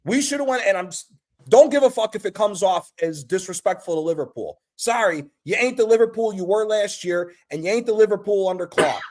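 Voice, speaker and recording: High-voiced American guy, heated caller, swears a lot, relentless. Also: fairly quick, darkish tone. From United States. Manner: passionate, profane, emphatic. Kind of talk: heated call-in rant.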